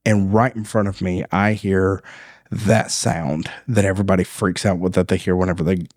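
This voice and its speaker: A man with a fairly low voice tells a story on a faith podcast in a casual, animated way. He laughs often and acts out the people in his story. The sound is dry and close, with no room echo. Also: moderate pace. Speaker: podcast host.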